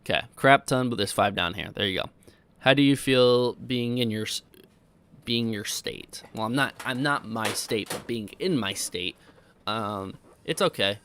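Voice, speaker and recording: A man's voice: mid-range voice, measured pace, a bit bright, a little hiss or hum. A man in his twenties from Iowa, rambling and correcting himself as he casually answers viewer questions on a stream. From Iowa, United States. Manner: rambling, self-correcting, easygoing. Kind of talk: casual livestream Q&A chat.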